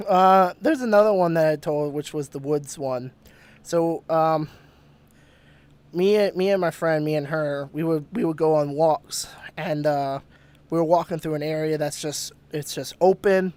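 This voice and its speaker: A man's voice: a little high, unhurried, darkish tone, clear, resonant tone. A man hosting a podcast and telling a ghost story in casual chat, swearing a lot and restarting sentences. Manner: swearing, rambling with restarts and laughs. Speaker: podcast host.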